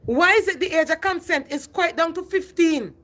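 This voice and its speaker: This livestream host is a middle-aged woman with a very high, somewhat bright voice, speaking at normal speed. She rants passionately into her phone, repeats herself, and addresses viewers by name, with slight background noise audible.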